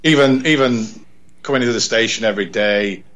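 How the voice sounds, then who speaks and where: A man from England, a radio presenter, telling an animated story in casual chat, repeating words and acting out dialogue. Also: medium pitch, brisk, muffled recording. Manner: rambling, repeats words, acts out quoted dialogue. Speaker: radio presenter, podcast guest.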